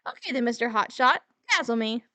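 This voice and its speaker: A woman's voice: a little high, lively intonation, brisk, pushed and bright, dry recording. A woman voicing a sweet, playful young woman who loves theater, reading her lines from a visual novel in a sing-song, dramatic way. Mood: teasing.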